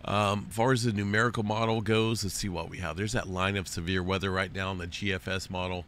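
Hoarse, folksy man with a bright voice. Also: low-pitched, little pitch movement, fast talker, hardly any pauses, a little hiss or hum. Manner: folksy and loose, calls viewers folks. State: hoarse with a lingering cough. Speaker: host of an earthquake and weather update channel. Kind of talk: casual spoken weather update.

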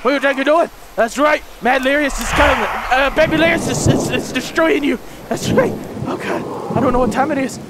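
A young man giving frantic, cursing commentary while playing a horror game and yelling at the monsters. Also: very high voice, a little fast, very noisy. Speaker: gaming video host.

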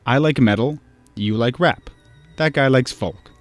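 A man reads a scripted video essay in a mid-pitched voice. He keeps a measured, explanatory pace and talks straight to the viewer. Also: no room sound, faint music behind.

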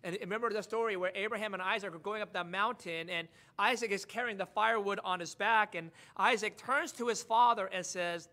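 A male pastor preaching a sermon, moving from quiet, intimate asides to rising, emphatic declarations. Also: sits high, brisk, hardly any pauses.

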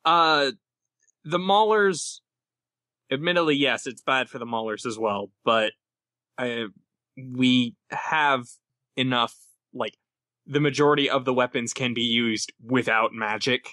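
A man at a tabletop game, working through a strategy out loud with the group. His voice is of middling pitch and bright and forceful, and the recording is dry and close. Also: measured pace, pauses often, no room sound. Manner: thinks aloud while planning strategy. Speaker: player.

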